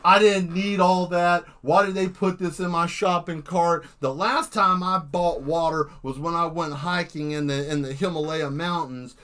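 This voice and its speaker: Rambling, dazed male moviegoer, slightly high voice, unhurried, drifting off-topic, as a man puts him on. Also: fairly even intonation, a bit bright, close to an everyday voice. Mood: bewildered.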